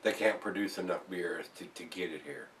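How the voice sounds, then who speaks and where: A man's voice: sits low, normal speed, a bit bright, a little hiss or hum. Rambling man reviewing beer, a bit distant. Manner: rambling, talks to viewers as guys, repeats words. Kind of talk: casual beer review vlog.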